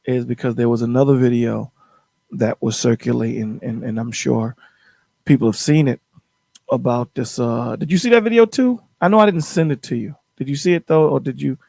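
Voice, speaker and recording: A man's voice: mid-range voice, moderate pace, creaky, a little mellow, no room sound. A man hosting a call-in show, telling a story in casual chat, rambling and repeating his words.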